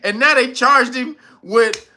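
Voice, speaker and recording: A man's voice: very high voice, unhurried, sharp tone, a little hiss or hum. A man doing incredulous, sarcastic commentary on a news story, laughing and swearing as he mocks the officials. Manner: mimics officials in sarcastic voices.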